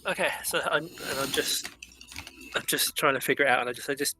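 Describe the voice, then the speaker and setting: A man's voice: medium pitch, fairly quick, sharp tone, faint music behind, poor audio. A man, a player in a tabletop role-play, talking earnestly with stammered repeats.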